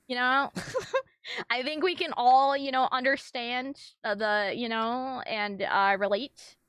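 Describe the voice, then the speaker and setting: A woman's voice: a little high, slow pace, a bit bright, smooth, no room sound. A young woman streaming live, chatting casually with her viewers in a giggly, rambling, apologetic way.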